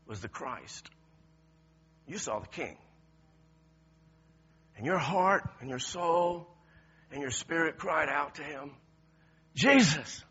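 A man preaching a sermon, moving from quiet, intense passages to loud shouted ones, often laughing as he talks. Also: fairly high pitch, husky. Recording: lo-fi, dull sound.

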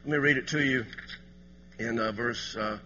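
A man preaching a sermon as pastor, swinging from quiet asides to loud emphatic passages. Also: mid-range voice, normal speed, big-room sound, highs cut off, slight background noise.

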